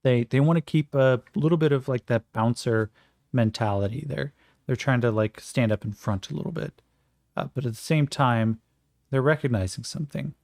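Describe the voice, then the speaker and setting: A man narrates a solo tabletop game, casually thinking aloud between rolls. His gravelly, mid-pitched voice is recorded close and dry. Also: moderate pace, a little mellow, dry recording.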